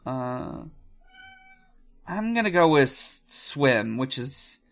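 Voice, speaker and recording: A man co-hosting a podcast, chatting casually and reading a gamebook aloud with loose, halting phrasing and plenty of swearing. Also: mid-range voice, very animated, vocal fry, a bit bright. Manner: loose and profane, halting with restarts and fillers while reading.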